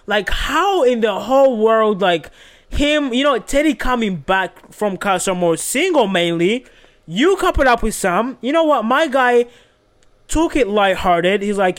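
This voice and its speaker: A young man with a notably high voice talks through a reality-show recap as a podcast host. He is animated and swears freely, leaning on fillers and "yo" between thoughts. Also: measured pace. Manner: animated, profane, heavy on fillers and "yo".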